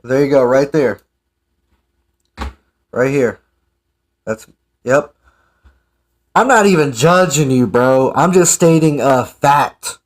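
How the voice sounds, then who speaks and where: A man's voice: medium pitch, lively intonation, slow, long pauses. A man giving casual, sarcastic ranting commentary as an online commentator. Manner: sarcastic, mocking.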